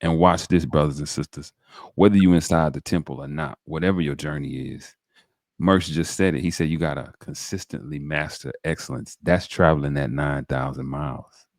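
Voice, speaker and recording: Deep-voiced animated podcast host. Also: male voice, moderate pace, no room sound, studio quality. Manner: animated, preacher-like, addresses viewers directly. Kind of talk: enthusiastic interview talk.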